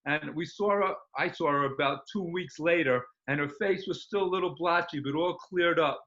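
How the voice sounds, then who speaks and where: Male guest, slightly high voice, rambling and keen, muffled lo-fi sound. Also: moderate pace, a bit bright. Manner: rambling and enthusiastic, many fillers. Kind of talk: casual interview talk. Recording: dull lo-fi recording.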